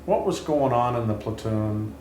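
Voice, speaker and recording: A man in his seventies, hosting an interview and telling his own story in an earnest, halting way with frequent restarts. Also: medium pitch, animated, a little mellow. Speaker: interview host and Vietnam veteran. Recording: roomy with faint hiss.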